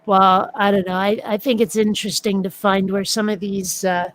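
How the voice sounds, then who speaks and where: A woman's voice: mid-range voice, level tone, moderate pace. A woman in casual stream chat, curious and musing over word origins aloud.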